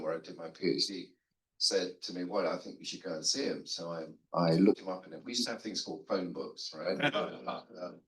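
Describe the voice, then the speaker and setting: An older man with a fairly low voice speaks on a seminary panel, rambling through stories with a self-deprecating, conversational manner. He restarts his sentences often. His voice carries a roomy echo. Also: fairly bright tone. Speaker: guest theologian on a seminary panel. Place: seminary lunch room.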